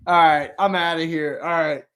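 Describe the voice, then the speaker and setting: A man hosting a sports live stream in a loose, joking way. He laughs easily and chats with viewers as he reads their comments. His voice sits a little high for a man. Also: fairly even intonation, normal speed, a bit bright, clean tone. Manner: laughing, playful, reads chat aloud. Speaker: podcast host. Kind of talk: casual live-stream banter.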